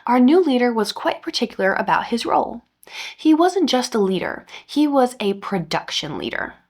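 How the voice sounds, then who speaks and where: A woman's voice: on the high side, normal speed. Woman reading a petty revenge story. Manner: expressive storytelling with dry asides. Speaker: podcast host reading stories.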